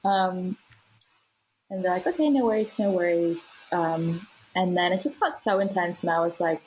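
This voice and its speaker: A woman's voice: lowish voice, moderate pace, darkish tone, slight background noise, rough recording. A woman guest on a podcast, telling her birth story in a casual, chatty way with plenty of fillers and laughs.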